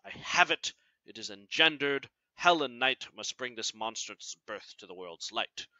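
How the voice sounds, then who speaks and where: A man reading aloud the lines of a scheming, resentful male villain, in a plain, low, soft reading voice with dull lo-fi sound. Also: lively intonation, measured pace, no room sound. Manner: plain read-aloud verse, lower and softer.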